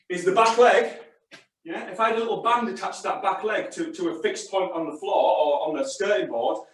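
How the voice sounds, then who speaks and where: A male fitness instructor leading a live class, chatty and encouraging, calling short exercise cues. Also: sits high. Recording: very echoey room, distant mic.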